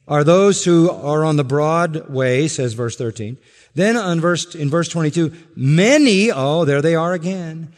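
A male pastor preaching a sermon emphatically, repeating key words and letting line ends fall soft and low. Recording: long reverb of a hall.

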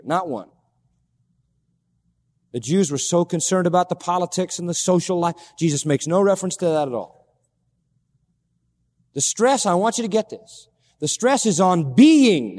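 A man's voice: on the high side, a little mellow, in a large hall. A man preaching a sermon, emphatic, repeating key words and asking his listeners questions. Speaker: pastor.

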